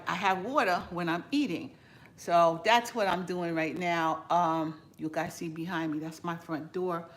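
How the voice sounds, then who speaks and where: A woman chats casually to her live viewers between bites of food, greeting them by name. Her voice sits a little low for a woman, and she laughs often in a relaxed, easygoing way. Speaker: home cooking channel host. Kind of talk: casual live chat while eating.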